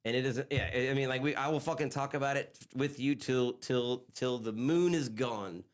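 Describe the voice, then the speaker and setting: Stammering male podcast host. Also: mid-range voice. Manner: stammering, full of restarts and fillers; reads aloud haltingly from a screen. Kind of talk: casual live-stream chat.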